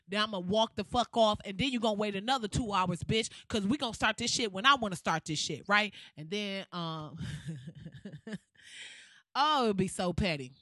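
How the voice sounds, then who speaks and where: Woman ranting and cracking herself up, mid pitch, dry close sound. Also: normal speed, no echo. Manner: animated, profane, laughs often, acts out quotes. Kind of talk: casual comedic rant.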